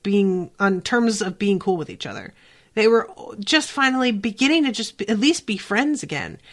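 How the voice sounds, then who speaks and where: Animated swearing woman podcast host. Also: medium pitch. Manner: animated, swears freely, lots of "like" fillers. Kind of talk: casual episode recap and reaction.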